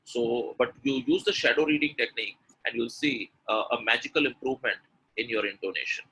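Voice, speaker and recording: A man's voice: mid-range voice, a little fast, bright, forceful tone, husky, low-quality recording. A man teaching pronunciation in an online webinar, explaining patiently and acting out example sentences. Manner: explanatory, repeats example sentences with exaggerated intonation. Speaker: English pronunciation coach.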